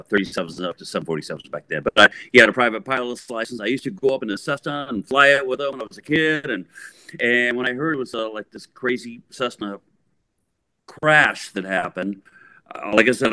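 A middle-aged guest musician rambles through a long story in a relaxed interview, lively and frequently restarting his sentences. His voice is on the low side and a little fast, with no echo.

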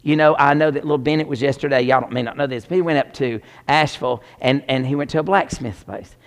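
A man preaching a sermon, animated and joking as he talks straight to the congregation. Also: medium pitch, quick pace.

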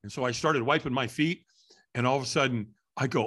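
A middle-aged man, a guest in an interview, telling a story with energy and acting out the voices and shouts of the people in it. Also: mid-range voice, brisk, breathy edge. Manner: lively, acts out quoted voices and shouts. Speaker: interview guest, firewalk instructor.

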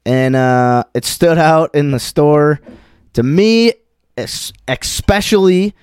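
Laid-back young man, smooth voice. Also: a little high, slow pace, darkish tone, dry recording, studio quality. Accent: Wisconsin. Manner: laid-back, rambling with fillers. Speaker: podcast co-host. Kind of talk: casual chat.

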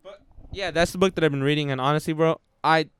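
A man's voice: fairly high pitch, fast, a bit bright, a little hiss or hum. Profane, rambling young man. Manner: profane, rambling retelling of a book. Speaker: podcast co-host. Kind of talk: casual chat.

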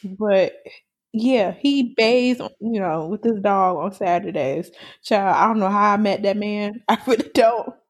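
A woman casually telling a story on a podcast, animated and laughing often, swearing freely. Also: mid-range voice, a little slow.

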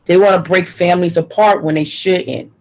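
A woman's voice: on the low side, fairly even intonation, moderate pace, darkish tone, rough recording. Frustrated New woman recounting hardship. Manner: frustrated, emphatic, repeats herself. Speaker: interviewee. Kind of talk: personal testimony interview.

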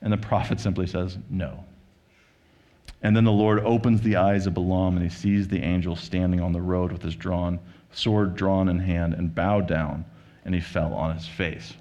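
A male pastor giving a sermon, retelling and reading a scripture story in a relaxed, conversational manner. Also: deep voice, moderate pace, lo-fi sound. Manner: conversational storytelling, paraphrasing scripture with quoted voices.

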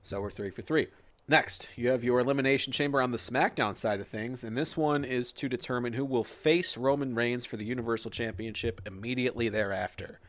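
A man's voice: mid-range voice, fairly quick, fairly bright tone, dry recording. A man co-hosting a casual wrestling podcast, joking and swearing as he rambles through predictions. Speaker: podcast co-host.

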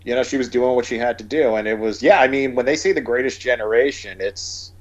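A man's voice: medium pitch, a little fast, muffled recording. A man in casual conversation, talking at length with many fillers and restarts. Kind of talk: casual chat about movies.

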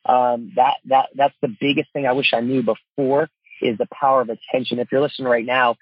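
A man's voice: mid-range voice, level tone, brisk, husky, no echo, muffled recording. A middle-aged man, a father and coach, talking earnestly in a casual interview, with lots of fillers. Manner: earnest, heartfelt, many fillers like "you know" and "man".

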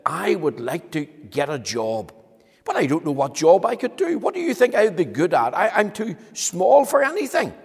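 A man's voice: high-pitched, big pitch swings, moderate pace, gravelly, slightly rough, voice pushed up, heavily acted. A man voicing a tiny, timid little man who stammers and pleads, with a long echo around him. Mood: plaintive. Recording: echoey hall with long reverb.

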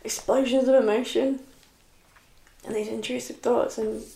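Soft-spoken tearful young woman, echoey room. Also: a little high, steady tone, gravelly. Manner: halting, many restarts and soft trailing phrases. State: tearful, upset. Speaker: vlogger. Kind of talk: personal confessional vlog.

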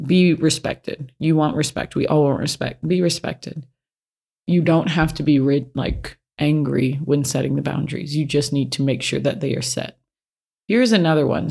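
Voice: medium pitch, creaky, a little mellow. Frank plain-spoken advice giver. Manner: plain-spoken, repeats key points for emphasis; frank, speaks from personal experience. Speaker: self-help speaker. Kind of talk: casual advice talk.

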